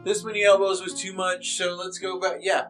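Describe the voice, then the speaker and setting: A man's voice: sits high, little pitch movement, brisk, a bit bright, soft background music. A man co-hosting a podcast in casual chat, joking, laughing often and trailing off mid-thought. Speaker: podcast co-host.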